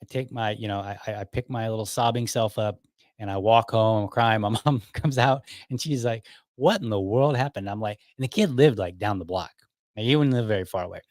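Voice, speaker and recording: Again the Ohio podcast host, a middle-aged man, meanders through memories of growing up, fixing his own words mid-story and performing the lines people said. Here his low-leaning voice moves a little fast, with no echo.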